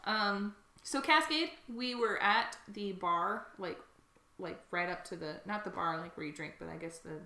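A woman's voice: medium pitch, unhurried, gravelly, pushed and bright, roomy sound. A woman co-hosting a podcast, chatting casually and laughing often as she tells stories. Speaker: podcast co-host. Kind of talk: casual chat.

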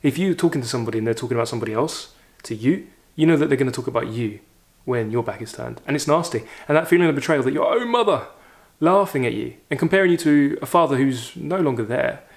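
A man's voice: medium pitch, quick pace. Man reading a story aloud expressively. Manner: expressive reading, raises voice for quoted lines, reflective asides. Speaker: literature teacher reading aloud.

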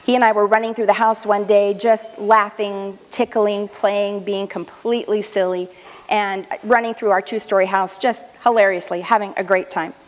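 A woman's voice: medium pitch, flat delivery. Woman speaking earnestly in a reverberant hall. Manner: measured, earnest storytelling. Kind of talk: personal talk at a luncheon. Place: luncheon hall.

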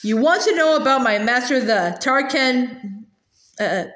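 A woman voicing a proud male talking war horse, haughty and brisk with the boy he is talking to, in a roomy-sounding recording. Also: fairly high pitch, lively intonation, a bit bright. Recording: roomy echo.

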